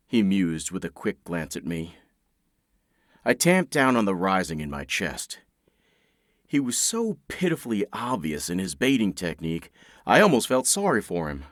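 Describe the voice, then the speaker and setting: A man's voice: low voice, big pitch swings, normal speed, no echo, clean studio sound. A male narrator reading a first-person audiobook with a sardonic, exasperated edge.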